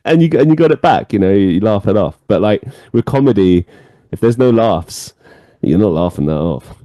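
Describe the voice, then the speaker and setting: A man's voice: fairly low pitch, moderate pace, no echo, clean studio sound. A man hosting a podcast, telling stories in casual chat with plenty of swearing and laughter. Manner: animated storyteller, swears freely, laughs often. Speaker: podcast host.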